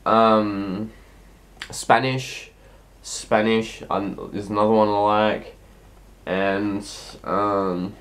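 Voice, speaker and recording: Casting: teen boy, lowish voice, sick, halting vlog answers full of ums. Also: little pitch movement, fairly bright tone. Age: teens. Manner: rambling, hesitant, heavy with ums and restarts. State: sick, coughing. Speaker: YouTuber answering viewer questions. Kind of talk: casual Q&A vlog.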